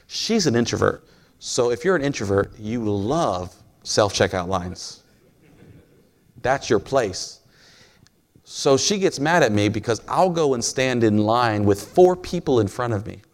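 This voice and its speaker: A man preaches in a folksy, storytelling manner and jokes with the people in the pews. His voice sits low and gravelly. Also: expressive, measured pace. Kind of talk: sermon.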